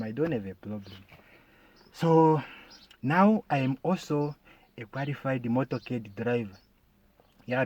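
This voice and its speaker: A man performing a stand-up comedy monologue, animated and bursting into loud shouted calls. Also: medium pitch. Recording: dull lo-fi recording.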